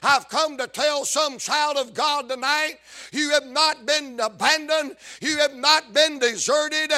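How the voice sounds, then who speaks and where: A man preaching a sermon, shouting and chanting his lines in a sing-song cadence. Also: very high-pitched, fairly even intonation, slow pace.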